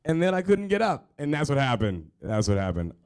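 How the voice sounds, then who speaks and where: A man's voice: on the high side, very animated, fairly quick, a little mellow, smooth. A man hosting a live storytelling show, bantering casually with the audience in a rambling, self-deprecating way.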